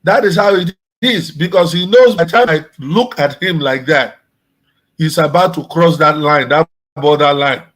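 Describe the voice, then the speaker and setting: A man's voice: fairly high pitch, normal speed, fairly bright tone, low-quality recording. A man, a guest and pastor, telling a story in casual discussion, repeating his phrases.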